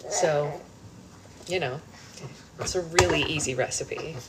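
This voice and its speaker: A loud air-conditioning hum fills the home kitchen where a young woman hosts a live book club stream. Speaking slowly in a low voice, she chats and rambles between remarks and sing-song baby talk to her baby.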